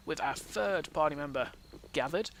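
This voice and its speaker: A man's voice: a little high, expressive, normal speed, fairly bright tone, a little hiss or hum. A young man casually commenting on his gameplay as a let's play host, thinking aloud.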